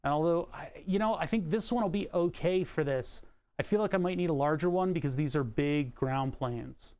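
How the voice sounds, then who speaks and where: Rambling man with a higher voice. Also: moderate pace, a little mellow, clean tone. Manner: rambling, full of fillers and asides, laughs often. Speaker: streamer. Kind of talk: casual livestream talk while repairing electronics.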